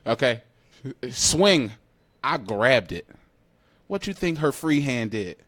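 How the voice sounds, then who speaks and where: A man co-hosts a casual podcast, acting out quotes with lots of laughter. His pitch swings widely as he tells the story. The recording is dry and close to the mic. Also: slow pace, no room sound. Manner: animated, laughing, acts out quotes. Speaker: podcast co-host.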